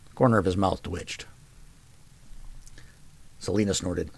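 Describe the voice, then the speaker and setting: A man reading fiction aloud with steady, measured narration. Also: low voice, gravelly, husky, no room sound. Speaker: storyteller.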